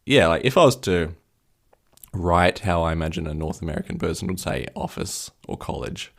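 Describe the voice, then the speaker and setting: A man's voice: low voice, expressive, normal speed, vocal fry. A man co-hosting a podcast in casual chat, curious and analytical, asking pointed questions. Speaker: podcast co-host.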